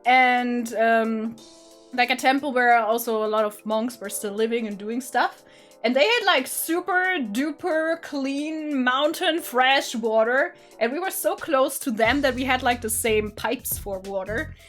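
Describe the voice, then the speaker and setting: A woman's voice: fairly high pitch, normal speed, fairly bright tone, faint music behind. A woman chatting casually on camera at home as she unboxes her travel haul, rambling, restarting her sentences and laughing often. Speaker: streamer and vlogger. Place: home room.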